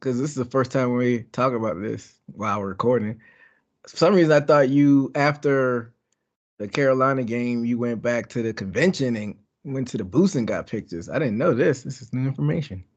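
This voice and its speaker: A man's voice: mid-range voice, normal speed, a little mellow, highs cut off. Laid-back man cutting in on a chat. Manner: laid-back, chuckling listener. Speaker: podcast co-host. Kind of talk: casual chat.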